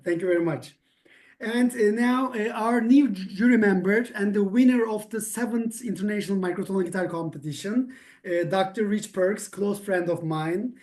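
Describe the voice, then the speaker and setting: A man whose first language is Turkish, hosting an online awards ceremony and speaking hesitantly with many pauses. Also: sits high, darkish tone. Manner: hesitant, many "uh" fillers, friendly.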